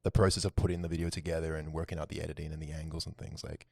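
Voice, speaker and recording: A man hosting a podcast, asking quick, curious questions in casual chat and swearing freely. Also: rumbling low, flat delivery, creaky, a little mellow, slightly rough, no room sound. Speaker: podcast host.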